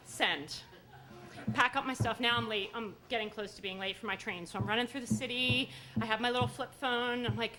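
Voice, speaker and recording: A middle-aged woman telling a comic story on stage in an animated, high-strung way. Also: brisk, a little hiss or hum. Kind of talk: live storytelling performance. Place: live stage at a story slam.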